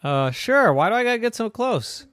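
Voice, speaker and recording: A man doing a squeaky little girl car. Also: very animated, normal speed, fairly bright tone, dry recording, studio quality, full character voice. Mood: puzzled. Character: brave little girl car, plucky and polite.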